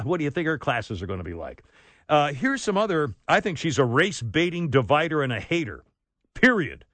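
A man's voice: mid-range voice, a bit bright, no echo. A man hosting a talk radio show, brash and joking, laughing often, speaking on a studio microphone.

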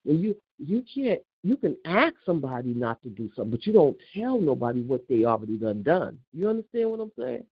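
An older woman on a casual phone call, telling an animated, indignant story and acting out the back-and-forth of what was said. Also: low voice, brisk, few pauses, husky, no room sound. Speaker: caller.

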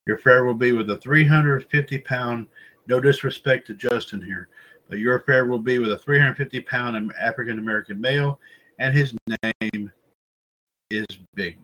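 A man's voice: mid-range voice, brisk, fairly bright tone, rough recording. A man hosting a wrestling news podcast, talking in a rambling, casual way, often circling back with filler phrases and calling his listeners folks. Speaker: podcast host.

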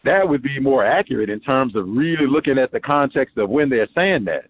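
Muffled radio host musing aloud. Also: male voice, mid-range voice, expressive, fairly quick. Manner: musing, rambling, acts out quoted voices with laughs. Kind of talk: conversational call-in radio commentary. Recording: muffled radio broadcast with faint noise.

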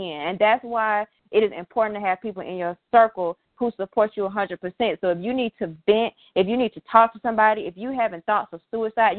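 A young woman talks from the heart in a halting, emotional way, often pausing to collect herself and sounding close to tears. The sound is thin and phone-like, and the room is dry and close. Her pitch sits in an ordinary middle range. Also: no room sound. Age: 20s. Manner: heartfelt, halting, many fillers. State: tearful, emotional. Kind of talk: emotional personal talk.

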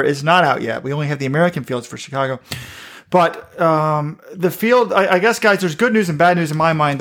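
A man co-hosting a podcast in casual chat, excitable and quick to laugh. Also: a little high. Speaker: podcast co-host.

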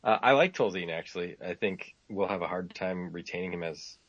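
A man co-hosting a casual sports podcast, giving measured opinions. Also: low-pitched, fairly bright tone, dry recording, lo-fi sound. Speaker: podcast co-host.

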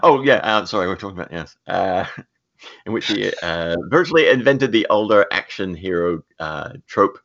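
A man's voice: low-pitched, expressive, moderate pace, fairly bright tone. A man co-hosting a podcast in casual chat, reading the news and laughing often between lines. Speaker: podcast co-host. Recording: dull lo-fi sound.

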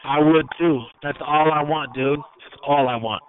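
A man's voice: a little high, steady tone, normal speed. Teasing man on a tinny line. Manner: teasing, boastful needling. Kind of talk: heated casual chat.

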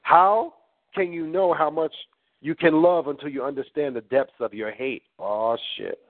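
A man's voice: fairly high pitch, moderate pace. A man hosting a talk and teaching in a blunt, preachy way, swearing as he goes. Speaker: host. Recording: tinny phone-like line.

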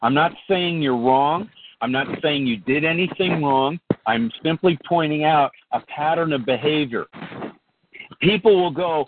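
A man's voice: fairly high pitch, unhurried. A man hosting a community call, who stammers into interruptions and poses challenging questions. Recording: phone-line call with faint noise.

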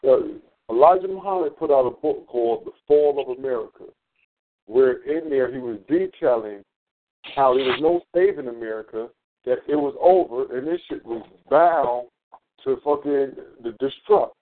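A man's voice: mid-range voice, normal speed. A man talking casually on a radio show, rambling and profane, often hunting for his words. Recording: tinny phone line.

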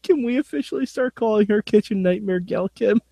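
Excitable high-voiced man on a podcast. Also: a little fast, creaky, no room sound. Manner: excitable, laughs a lot, goofy. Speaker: podcast co-host. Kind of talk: casual podcast chat.

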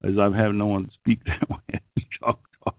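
A man's voice: on the low side, level tone, normal speed, no room sound. Profane middle-aged Okie man on a call line. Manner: crude, profane, rambling. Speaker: call-in show host. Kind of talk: casual call-in chat. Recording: tinny phone-like call line.

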